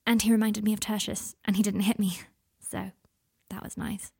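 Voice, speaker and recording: A hesitant young woman murmurs in a low, halting way, voiced by a woman reading an audiobook. Her voice is gravelly and breathy, pitched in an ordinary middle range. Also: flat delivery. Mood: hushed. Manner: soft, halting, near-whispered.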